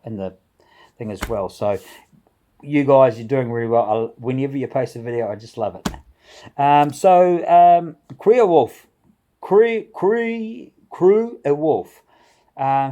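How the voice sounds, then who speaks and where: A man's voice: mid-range voice, dark tone. A middle-aged man hosting a home brewing vlog, chatting casually and enthusiastically, rambling a little and chuckling as he goes. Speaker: home brewing channel host. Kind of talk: casual vlog shout-outs.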